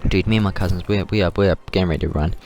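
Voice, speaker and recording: A man's voice: low voice, steady tone, racing. A man host telling a story in a casual, rambling way while gaming, repeating words and saying dude a lot, on a noisy mic with clicks.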